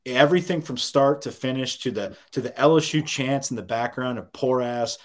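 A man talks sports on a casual podcast, swearing often and getting riled up as he goes. His voice sits at an ordinary middle pitch. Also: normal speed. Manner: profane, animated, riled up. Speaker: podcast co-host.

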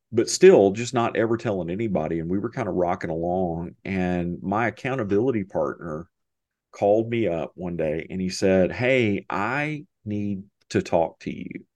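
Middle-aged man, very low voice, dry close mic; halting, heartfelt guest storyteller. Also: a little mellow, no echo. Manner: halting, many restarts and fillers, emotional, laughs often. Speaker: podcast guest. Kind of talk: conversational storytelling.

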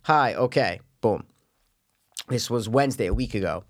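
A man's voice: fairly low pitch, animated, normal speed. A young man co-hosting a casual chat show, telling stories with lots of energy, acting out the people he quotes and swearing freely. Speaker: podcast co-host.

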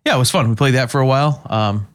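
A man co-hosting a casual podcast, easygoing and quick to agree. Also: medium pitch. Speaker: podcast co-host. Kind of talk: casual chat.

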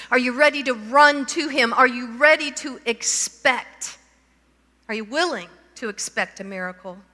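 A woman preaching at an unhurried pace, her voice high and bright. She reads scripture aloud and keeps turning to ask her listeners questions. Long reverb trails each phrase. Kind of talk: sermon.

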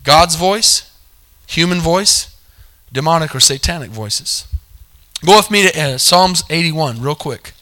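Preaching unhurriedly, a pastor speaks in a somewhat high, animated voice that sounds pushed and bright. He asks for amens, goes over his points again, and revises his sentences partway through.

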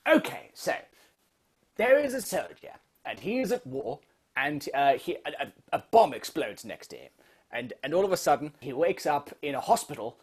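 A man's voice: a little high, very animated, slightly rough, heavily acted. A man playing a stammering, doddery old film director. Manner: stammering, halting, full of restarts. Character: rambling, heavily medicated older male film director. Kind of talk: comedy sketch interview.

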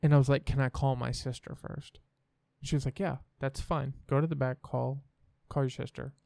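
A man's voice: medium pitch, steady tone, moderate pace, gravelly, a little mellow, dry recording. A young man, a podcast guest, telling a candid personal story in a frank, rambling way and swearing freely.

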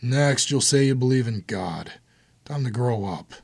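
A man's voice: medium pitch, expressive, a little slow, creaky, darkish tone, husky, no echo, exaggerated voice. A man voicing a grim, blunt hardened older brother in an audiobook.

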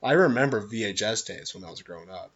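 A man's voice: on the low side, fast talker, husky, dull audio. A man in his twenties chatting casually on a podcast, rambling with frequent restarts. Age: 20s. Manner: rambling, many restarts, animated storytelling. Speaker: podcast co-host. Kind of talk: casual chat.

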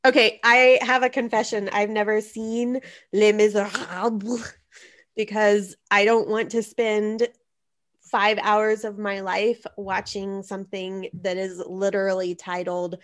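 A woman co-hosting a laid-back comedy advice podcast, talking in an unhurried, drawn-out way. She chats loosely, with plenty of "like" and casual swearing. Her pitch sits in a middling range for a woman. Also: little pitch movement. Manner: chatty, swears casually, uses lots of "like". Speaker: podcast co-host.

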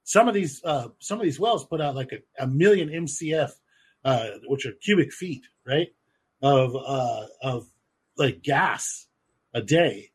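A man in casual podcast chat, swearing freely and rambling through fillers in an animated, husky voice. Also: mid-range voice, a little slow.

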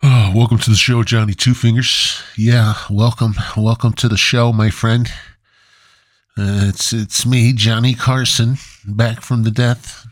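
A man's voice: medium pitch, level tone, a little slow, no room sound, voice pushed up, close to an everyday voice. A man doing a nasal impression of an old-time male talk show host, chummy and upbeat.

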